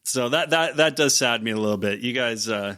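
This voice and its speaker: A man's voice: medium pitch, brisk, bright, forceful tone. A man co-hosting a podcast, talking with enthusiasm and often repeating his words as he goes. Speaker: podcast co-host. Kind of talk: casual podcast chat.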